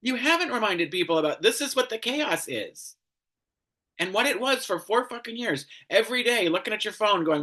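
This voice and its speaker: A man's voice: sits high, expressive, normal speed, bright, forceful tone. A man hosting a commentary show, ranting angrily with lots of swearing and exasperation. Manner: angry, profane, exasperated.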